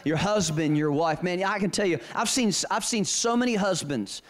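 A man's voice: high voice, normal speed. A middle-aged man preaching a sermon, telling personal stories with emphasis and repeating key phrases.

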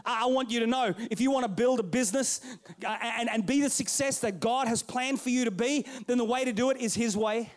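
Preaching with stories, this man, older than thirty-five, alternates between booming bursts and quiet passages. His voice is very high-pitched and a touch fast.

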